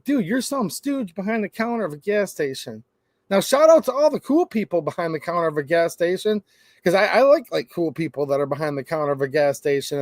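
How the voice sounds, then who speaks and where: Man, gun channel host, rambling, emphatic, high-pitched, dry close recording. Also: darkish tone, dry recording. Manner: conversational, rambling, emphatic, frequent restarts. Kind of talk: casual monologue to camera.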